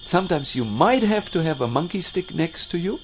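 A man giving a devotional lecture, telling stories slowly, with frequent fillers and restarts. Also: fairly high pitch, slightly rough. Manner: slow, animated storytelling with many fillers and restarts. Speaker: spiritual teacher.

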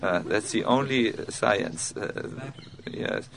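A man with giving an informal spiritual lecture, halting with many fillers and restarts, and self-mocking. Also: medium pitch, vocal fry, fairly bright tone, slight background noise. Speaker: spiritual teacher giving a talk.

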